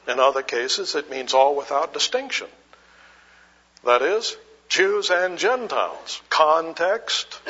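A male preacher delivers a sermon at an unhurried, measured pace, asking his listeners rhetorical questions and answering them. His voice is husky and swings widely in pitch. The recording is dull and muffled. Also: pushed and bright.

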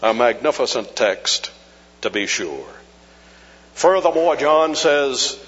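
A man preaching a sermon, teaching slowly and deliberately from scripture and lifting his voice on quoted verses. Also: medium pitch, animated, fairly bright tone, breathy edge. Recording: dull lo-fi recording with long hall reverb.

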